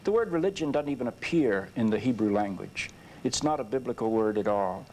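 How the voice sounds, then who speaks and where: Male bishop guest, measured preacherly delivery, mid pitch, faint hiss. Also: animated, a little mellow. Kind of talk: panel discussion. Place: TV studio.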